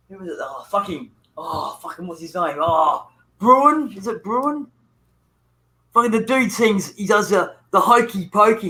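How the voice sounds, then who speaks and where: A man chatting casually, halting and searching for words. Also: sits high, bright, forceful tone. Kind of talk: casual chat. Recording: roomy echo.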